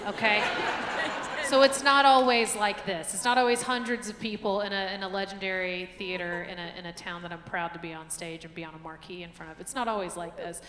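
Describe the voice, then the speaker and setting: A woman's voice: mid-range voice, a bit bright, slight background noise. A woman performs a live stand-up set on a theater stage, chatty and self-mocking with punchy asides. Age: late 30s. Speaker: stand-up comedian. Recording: echoey theater hall, faint crowd. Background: audience ambience.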